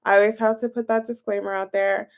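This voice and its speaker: A woman's voice: mid-range voice, little pitch movement, quick pace. A young woman streaming a casual tarot reading from home on a close-up phone camera, chatting to viewers and thinking aloud over the cards. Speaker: tarot reader streaming live.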